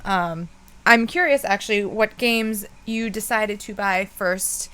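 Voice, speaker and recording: A woman's voice: mid-range voice, slow pace, clean tone. A woman co-hosting a live gaming stream, chatting casually and reading viewer comments aloud. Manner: lively, reads chat comments aloud, laughs easily. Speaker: podcast co-host.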